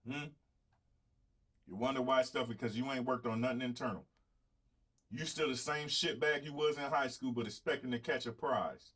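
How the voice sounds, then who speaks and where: A man in his thirties hosts his own show in a casual live-stream. He speaks with a mid-pitched voice. He lectures his viewers bluntly and addresses them directly. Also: normal speed, pauses often, a bit bright, breathy edge. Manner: blunt, preachy, talks straight to viewers. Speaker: show host.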